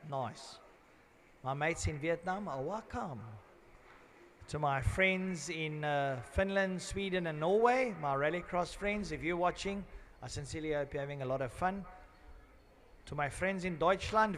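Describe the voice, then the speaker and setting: A man calls a race live from the trackside over a public address microphone. His voice sits a little high, and he drifts from joking, rambling chatter into loud grid announcements. There is faint outdoor ambience from the circuit behind him. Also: normal speed, slight background noise.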